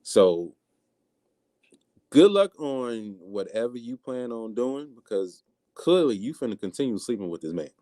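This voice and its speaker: A man's voice: medium pitch, a little slow, no echo. A man hosting a casual livestream, talking bluntly and with animation, acting out the things people say. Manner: animated, blunt, acts out quotes. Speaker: livestream host. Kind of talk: casual live-stream commentary.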